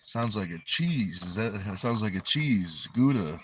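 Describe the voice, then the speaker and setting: Deep-voiced New England man on a livestream. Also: lively intonation, measured pace, a bit bright, a little hiss or hum. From Connecticut. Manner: rambling, easygoing, thinks aloud with hesitations. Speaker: arm wrestler and livestream host. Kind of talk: livestream chat, reading viewer comments aloud.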